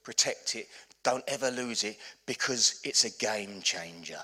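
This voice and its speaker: A male pastor delivers a conversational sermon, his voice bright and forward. He talks in an earnest, heartfelt way, often restarting his sentences as he tells his story. The delivery suits a church congregation. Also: mid-range voice, normal speed, slightly rough.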